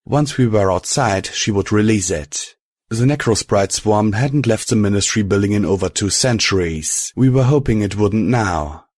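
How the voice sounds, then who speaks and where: A male audiobook narrator telling a fan fiction story in a steady, deliberate way. His voice sits on the low side, and the recording is dry and close, with no room sound. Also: no echo.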